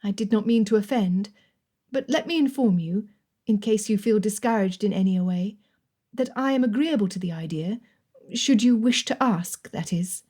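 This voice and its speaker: A woman's voice: medium pitch, moderate pace, mellow, husky, lightly acted. A woman voicing a spirited young French dressmaker woman who speaks pertly and forthrightly. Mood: teasing. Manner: pert, forthright.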